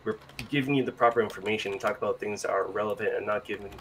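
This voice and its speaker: Male podcast guest with a bright, forceful voice, animated and chatty, faint background hiss. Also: on the low side, very fast, low-quality recording. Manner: animated, acts out quotes. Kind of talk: casual podcast chat.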